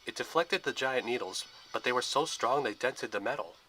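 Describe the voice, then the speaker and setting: Narrator: a man, bright and sharp, steady expressive storybook reading. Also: medium pitch, moderate pace, soft background music, low-quality recording.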